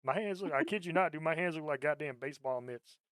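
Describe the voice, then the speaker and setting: A man's voice: on the high side, fast, fairly bright tone, no echo. A man hosting a podcast in casual chat, telling rambling, profane stories and laughing often into a close mic. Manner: profane, rambling storyteller who laughs a lot. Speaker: podcast host.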